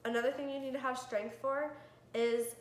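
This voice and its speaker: A woman's voice: high voice, steady tone, normal speed. A young woman vlogging, answering personal questions to the camera in a candid, earnest way with frequent ums. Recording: echoey room with faint background hiss.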